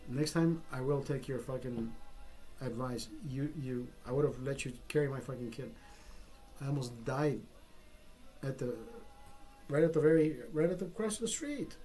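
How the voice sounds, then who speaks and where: A man's voice: medium pitch, moderate pace, dark tone, faint music behind. A man telling a personal story in a casual vlog, rambling and swearing freely with frequent restarts. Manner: profane, rambling, self-interrupting. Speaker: vlogger.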